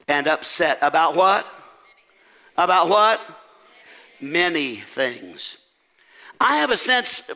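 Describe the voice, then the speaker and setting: Guy preaching a sermon, dramatic and lively, bright ringing tone. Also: a little high. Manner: animated, dramatic, asks the congregation questions. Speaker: pastor.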